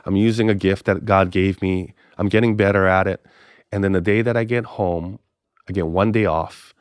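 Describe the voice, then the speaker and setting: A middle-aged man from the Big Island of Hawaii, a pastor telling stories as a podcast guest, acting out conversations with big jumps in pitch. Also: fairly even intonation, normal speed, smooth, no echo, clean studio sound. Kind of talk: casual storytelling interview.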